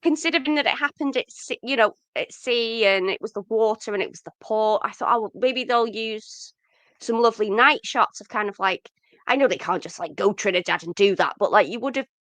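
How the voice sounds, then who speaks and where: A woman's voice: on the high side, brisk, a bit bright, no room sound. A woman co-hosting a podcast, chatting casually about a film with lots of fillers. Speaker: podcast co-host.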